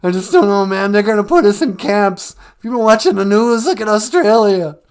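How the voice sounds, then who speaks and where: A man puts on a jittery cowardly lion who phones in to a comedy show, pitched well above the man's own voice. His loud, whiny voice swings up and down as he frets without pause. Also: expressive, clear, resonant tone. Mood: panicky. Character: panicky cowardly male lion caller, jittery. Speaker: phone-in caller in a comedy bit.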